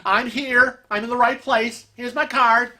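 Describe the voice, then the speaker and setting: A man's voice: very high voice, steady tone, measured pace, pushed and bright, voice pushed up, heavily acted. A man mimicking a pushy bossy woman. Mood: smug. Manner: insistent, scolding, repeats herself. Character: pushy, bossy middle-aged woman passenger.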